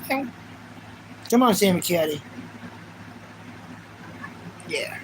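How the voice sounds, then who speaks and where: A man's voice: high-pitched, expressive, unhurried, very noisy. A man in his thirties livestreaming, chatting casually and reading out viewer comments in a rambling way. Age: 30s. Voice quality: rambling and chatty, with frequent restarts.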